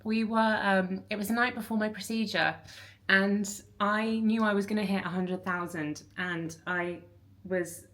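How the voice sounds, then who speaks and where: A woman in her thirties, vlogging casually from her flat, candid and rambling with lots of fillers. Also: medium pitch, measured pace. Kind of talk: casual chatty vlog.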